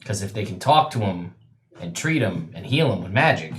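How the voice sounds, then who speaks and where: A man acting as dungeon master, narrating a tabletop game in a relaxed, joking way with many fillers. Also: sits low, normal speed, a little hiss or hum.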